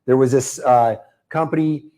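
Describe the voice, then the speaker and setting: Mellow, upbeat man hosting a webinar. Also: medium pitch, fairly even intonation, moderate pace. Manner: chatty and upbeat, reads out viewers' comments and answers them by name. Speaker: webinar host selling a marketing program. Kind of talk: live webinar sales pitch.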